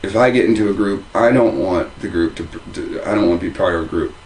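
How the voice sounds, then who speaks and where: Speaking fast in a low, slightly mellow voice, a man rambles heatedly about religion in a casual monologue to camera. He's a religious video commentator filming indoors at home, often restarting and repeating phrases. Slight background noise comes through the low-quality recording.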